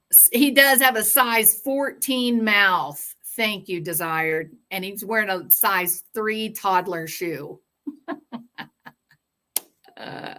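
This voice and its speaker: Slow, bright-voiced sarcastic woman host. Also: medium pitch. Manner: sarcastic, rambling, laughing asides. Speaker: true-crime livestream host. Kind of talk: casual chat reading viewer comments.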